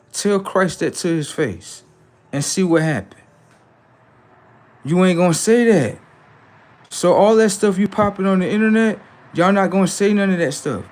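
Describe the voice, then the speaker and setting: A man with a somewhat high voice rants on his livestream in a preachy, combative tone. He argues with viewers in the chat in loose slang. He jumps from loud outbursts down to low muttering. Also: measured pace. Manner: preachy, confrontational, slangy, talks back to chat. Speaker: livestream host. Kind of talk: casual livestream rant.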